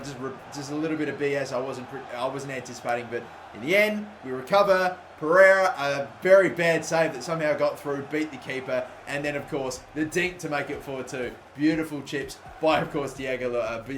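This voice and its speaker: A young man giving live commentary over a football video game, excitable and swearing loudly at the game. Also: medium pitch, a little fast, few pauses, slight background noise. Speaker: gaming YouTuber.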